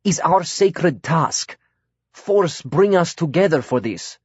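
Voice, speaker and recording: A man doing a slow, solemn foreign exile. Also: a little high, animated, breathy edge, no room sound, voice pushed up, full character voice. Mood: earnest. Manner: slow broken English, drops articles. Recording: dry, slightly dull audiobook recording.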